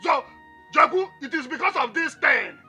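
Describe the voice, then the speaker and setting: An actor with a Nigerian accent playing a hot-tempered young man who shouts and taunts his rival in a film. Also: extremely high pitch, expressive, normal speed, soft background music, exaggerated voice. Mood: taunting. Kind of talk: Nollywood film acting.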